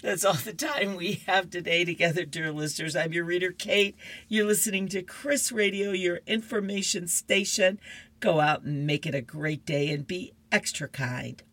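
A woman's voice: fairly low pitch, normal speed, fairly bright tone. A woman reading comic strips aloud on radio, chatty with laughing asides. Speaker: radio reader.

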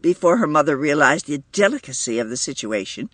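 A man reading a story aloud as narrator, measured and expressive. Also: a little high, dry recording. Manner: measured, lively intonation. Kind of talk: audiobook reading.

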